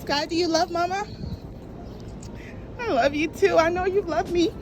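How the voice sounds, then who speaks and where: A woman's voice: extremely high pitch, normal speed, background noise. A young woman vlogger talking to her new puppy, coaxing and praising him in affectionate baby talk.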